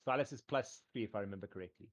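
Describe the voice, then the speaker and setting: A man running a tabletop game as game master, narrating casually and often pausing on "um" and a repeated "cool". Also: on the low side. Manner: rambling, full of "um" and repeated "cool".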